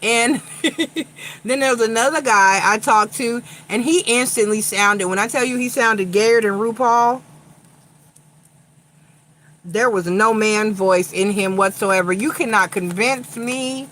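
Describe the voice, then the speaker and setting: A woman's voice: fairly high pitch, a little slow, a bit bright, poor audio. A woman from Long Island, New York with a Long Island accent touched by a slight Southern tinge, a tarot reader chatting bluntly and profanely during a casual livestream.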